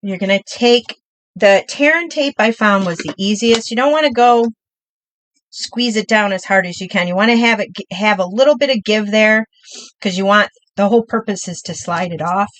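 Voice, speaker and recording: Woman, middle-aged, crafting demo host, chatty, upbeat, mid-pitched voice. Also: normal speed, fairly bright tone, no echo, poor audio. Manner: chatty, upbeat, talks while working. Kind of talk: live crafting demonstration.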